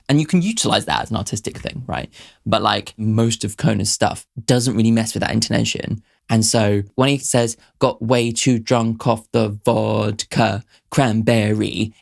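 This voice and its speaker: A young man with a gravelly, medium-pitched voice hosts a casual song reaction. Chatty and self-deprecating, he often breaks into laughter while picking the music apart.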